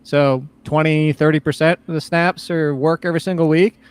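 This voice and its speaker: A man analyzing fantasy football in casual podcast chat, blunt, tired and quick to laugh. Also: fairly high pitch, steady tone, clear, resonant tone, no echo. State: tired, yawning.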